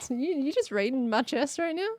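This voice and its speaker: A woman's voice: high voice, very animated, moderate pace, darkish tone, soft background music. Giggly Australian woman chatting on stream. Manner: giggly, playful, laughs often. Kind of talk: casual chat while gaming.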